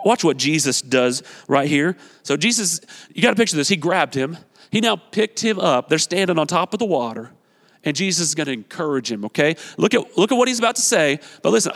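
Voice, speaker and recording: Pastor, male, high voice, exhorting and animated, echoing church sanctuary. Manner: energetic, exhorting, repeats phrases, acts out quotes. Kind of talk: sermon. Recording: long reverb of a large hall.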